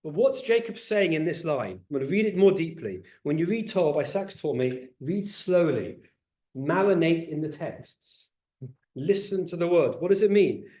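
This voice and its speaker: A middle-aged man, a rabbi, teaching a Torah class to a group, animated and questioning, often repeating words as he speeds up. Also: a little high, moderate pace. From England. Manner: animated, asks the audience questions, repeats words when excited. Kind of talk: lively teaching talk to a group. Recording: roomy echo.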